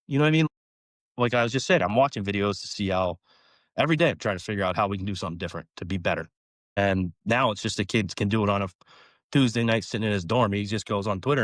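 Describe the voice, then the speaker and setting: A man's voice: on the low side, a bit bright, no room sound, studio quality. A man, a college baseball coach, talking casually in a podcast interview, rambling with lots of fillers and acting out conversations.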